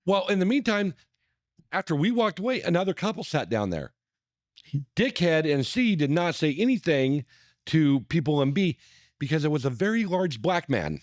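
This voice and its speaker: Middle aged guy, lively sweary storyteller, voice jumps around, dry sound. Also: fairly high pitch, normal speed, no room sound. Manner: animated storyteller, swears a lot, acts out quotes. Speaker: podcast co-host. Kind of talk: casual storytelling chat. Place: cigar lounge.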